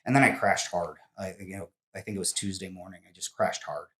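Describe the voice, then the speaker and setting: A man's voice: sits low, fairly even intonation, brisk, a bit bright. A man in his forties, a podcast guest, telling a personal story in casual interview talk, candid and emotional, with many restarts.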